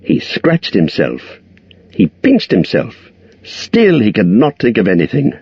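A man reads a storybook aloud in a very low, husky voice, with lively rises and falls in pitch. The sound is dry and close, with a slightly dulled top end. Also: no room sound, muffled recording. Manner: measured, expressive reading. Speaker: audiobook narrator. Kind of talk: storybook narration.

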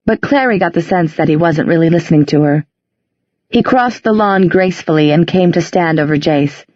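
A woman narrating an audiobook in a measured storytelling voice. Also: lowish voice, darkish tone, dry recording, dull audio. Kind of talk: audiobook reading.

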